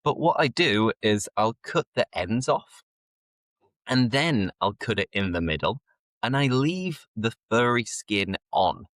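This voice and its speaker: A man's voice: medium pitch, lively intonation, unhurried, fairly bright tone, no room sound, clean studio sound. A man hosting a casual chat, laughing easily and turning to talk straight to his viewers. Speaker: host, English teacher.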